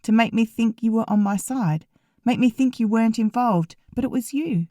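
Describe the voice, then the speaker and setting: A woman's voice: a little high, normal speed, warm tone, no room sound, studio quality, pitched above the performer's own voice, natural voice. A woman reading an audiobook, voicing a blunt, sassy young woman who fires pointed questions. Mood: pressing.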